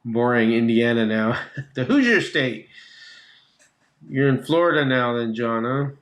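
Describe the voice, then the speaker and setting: A man's voice: medium pitch, lively intonation, a little slow, fairly bright tone. A man hosting a casual livestream, chatting with viewers and reading their comments, laughing often and trailing off mid-thought. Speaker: livestream host. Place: home slot car track room.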